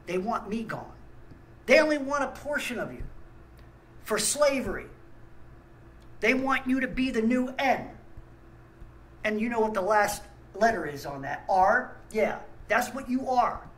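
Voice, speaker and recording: A man's voice: extremely high pitch, sing-song, unhurried, pauses often, fairly bright tone, low-quality recording. A man, host of a small ministry channel, ranting angrily with blunt talk and stammered restarts. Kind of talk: angry ranting monologue.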